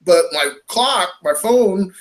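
Man, high voice, animated storyteller who laughs as he goes. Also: takes it slowly. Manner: animated, laughing, acts out quoted lines. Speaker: fishing tournament angler. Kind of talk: casual storytelling.

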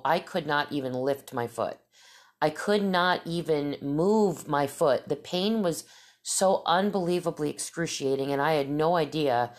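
A middle-aged woman vlogger telling her viewers a story in a casual, rambling, emphatic way, with many restarts. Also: deep voice.

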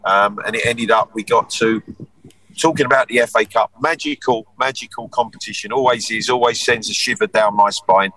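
A man's voice: on the low side, fairly even intonation, normal speed, sharp tone, no echo, distant mic, rough recording. A man in his sixties, a former footballer, reminiscing earnestly in a casual podcast chat. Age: 60s.

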